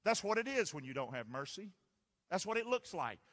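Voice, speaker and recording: In a church sanctuary full of long reverb, a pastor preaches in a high, fairly quick voice. His animated call-and-response style keeps throwing questions at the congregation and asking them to answer.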